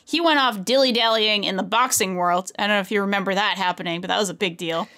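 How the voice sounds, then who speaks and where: A woman co-hosting a podcast, chatting casually in a gushing, excitable way and swearing freely. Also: medium pitch, fast talker. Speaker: podcast co-host. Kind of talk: casual chat.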